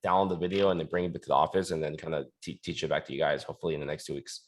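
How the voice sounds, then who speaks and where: A man speaking on a team call in a rushed, stumbling way with many restarts. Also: rumbling low, fairly even intonation. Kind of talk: casual meeting talk.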